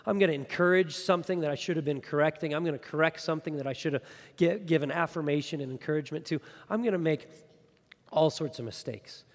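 A man's voice: a little high, fast. Earnest preaching man in a reverberant hall. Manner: earnest, repeats words when starting phrases. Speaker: pastor. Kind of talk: sermon.

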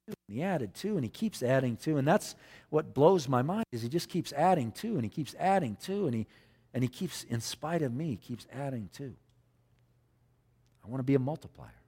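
A man's voice: mid-range voice, big pitch swings, normal speed, dark tone, husky. A man preaching a sermon, acting out scripture dialogue with dramatic repetition. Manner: dramatic, acts out scripture dialogue, repeats phrases. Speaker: pastor. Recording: long hall reverb.

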